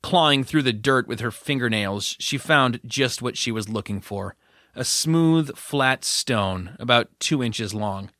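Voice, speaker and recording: An audiobook narrator reads a story from a script, his medium-pitched male voice even and measured. Clean studio sound, free of room noise, carries the reading.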